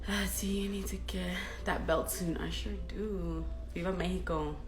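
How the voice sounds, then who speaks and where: A woman's voice: fairly low pitch, steady tone, moderate pace. A young woman hosting a live stream, chatty and openly nervous, reading out viewer comments and laughing between them. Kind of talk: casual live-stream chat. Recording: roomy echo, faint music.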